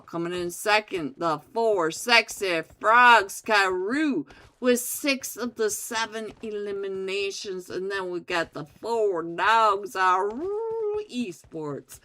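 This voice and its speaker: A woman casting a live mobile battle royale match for a stream, getting louder and more excited as the big plays land. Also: medium pitch, takes it slowly. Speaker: esports caster. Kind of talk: live game commentary.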